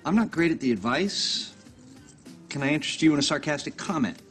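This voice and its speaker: A man's voice: on the high side, expressive, a little fast. Chandler, a sarcastic sitcom guy. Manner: dry sarcastic quips. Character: sarcastic adult man in a sitcom. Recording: sitcom clip with loud laugh track and music.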